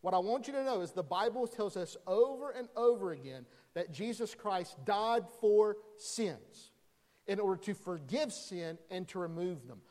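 A man preaching a sermon as a pastor, animated, acting out crowd dialogue as he teaches. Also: high-pitched, moderate pace. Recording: long hall reverb.

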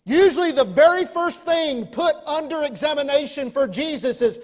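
Pastor, male, very high voice, dynamic delivery swinging loud to hushed, long reverb of a big hall. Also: animated, normal speed. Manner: preaching with sudden swings between loud emphasis and quiet asides. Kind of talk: sermon.

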